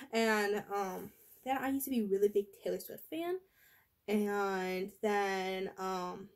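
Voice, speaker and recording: A woman's voice: mid-range voice, a little fast, a little mellow. A teenage girl rambling in a casual vlog, full of fillers and restarts, her voice worn from being sick. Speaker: vlogger.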